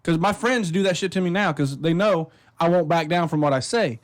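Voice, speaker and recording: A man's voice: a little high, fairly quick. A man co-hosting a casual talk show, blunt and profane, talking with heat about being called stupid. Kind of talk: casual chat.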